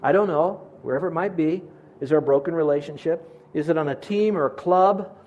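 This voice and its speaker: A man's voice: a little high, brisk, a little mellow, muffled recording. A middle-aged man preaching a sermon as a pastor, earnest and asking his congregation questions.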